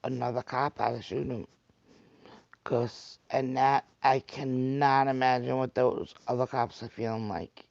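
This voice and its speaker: A man's voice: medium pitch, fairly even intonation, measured pace, vocal fry, a little mellow, no echo, highs cut off. A man with a thick Staten Island New York accent, rambling casually to his viewers on a livestream and answering their comments. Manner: rambling, chatty, talks straight to viewers. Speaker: vlogger reading live comments.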